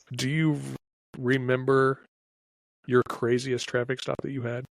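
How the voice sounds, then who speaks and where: A man's voice: mid-range voice, level tone, takes it slowly, dry recording, rough recording. A man co-hosting a podcast, chatting casually and ribbing his friend. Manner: teasing, jokey. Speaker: podcast co-host, first responder. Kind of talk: casual chat.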